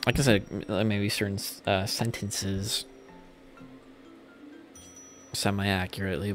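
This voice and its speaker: A young man casually chatting with viewers while he plays a game on a livestream, rambling loosely and swearing now and then. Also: fairly low pitch. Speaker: streamer. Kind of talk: casual gameplay livestream chat.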